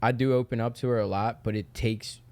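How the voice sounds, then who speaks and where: A man's voice: medium pitch, fairly even intonation, a little fast, a little mellow. A young man speaking as a podcast guest, talking in a loose, candid way with lots of "like" and casual swearing. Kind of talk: casual chat.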